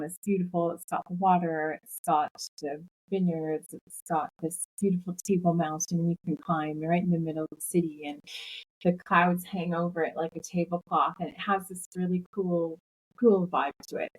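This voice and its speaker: A woman author and podcast guest, telling anecdotes in an animated way and laughing as she talks. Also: fairly low pitch, normal speed, breathy edge, low-quality recording. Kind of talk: casual storytelling in an interview.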